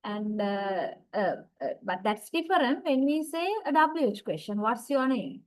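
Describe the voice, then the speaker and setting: A woman lecturer giving an online class, explaining slowly with many fillers. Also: medium pitch, lively intonation, low-quality recording. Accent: South Asian English.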